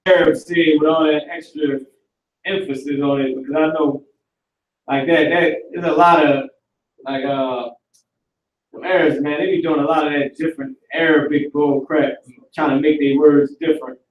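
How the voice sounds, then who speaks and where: A man teaches a live online class, lecturing casually and slangily. His voice sits fairly high. He sounds echoey and distant from the mic. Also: steady tone, normal speed, highs cut off, a little hiss or hum.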